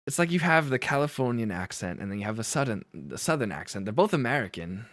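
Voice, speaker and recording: A man's voice: mid-range voice, very animated, quick pace, fairly bright tone, no echo. Chatty laughing man on a dry mic. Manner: chatty, laughing, self-deprecating. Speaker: livestream host. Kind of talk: casual chat with chat.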